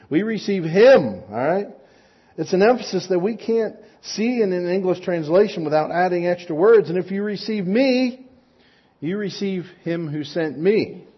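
A man's voice: on the high side, husky, highs cut off. A man preaching a sermon in a conversational, relatable way, often checking in with "right?" asides. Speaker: pastor.

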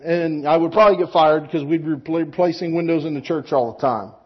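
Husky high-voiced man preaching to kids. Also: fast talker, highs cut off. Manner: casual, conversational, with rhetorical tag questions. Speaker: pastor. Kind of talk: children's sermon. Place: church.

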